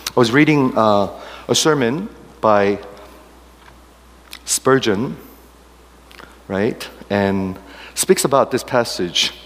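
A man's voice: medium pitch, slow, long pauses, a bit bright. Man preaching in an echoing hall. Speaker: pastor. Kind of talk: sermon.

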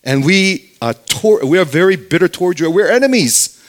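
Bitter sarcastic woman at a well played by a preacher, voice pushed up high and loud, scornful. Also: animated, moderate pace. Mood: indignant. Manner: indignant, sarcastic questioning.

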